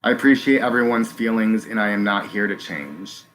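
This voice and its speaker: A man hosting a live stream, reading chat and speaking earnestly, halting with many ums and restarts, close to tears. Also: on the low side, fairly bright tone, a little hiss or hum.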